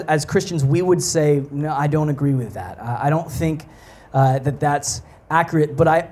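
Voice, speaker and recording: A young man and guest preacher giving a sermon in a casual, conversational way, with many fillers and restarts, turning soft and low when he prays. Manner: drops soft and low in prayer. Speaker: pastoral apprentice, guest preacher.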